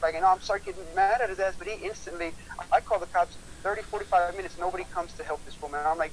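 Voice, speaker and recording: A man's voice: high voice, steady tone, a little hiss or hum, low-quality recording. A man telling a heated story on a casual livestream chat, swearing often and repeating himself. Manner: profane, heated, fast-talking.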